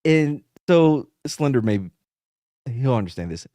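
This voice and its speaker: A man's voice: medium pitch, big pitch swings, measured pace, dark tone, dry recording. A man in his thirties hosting a podcast, telling rambling, profane stories in casual chat. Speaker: podcast host.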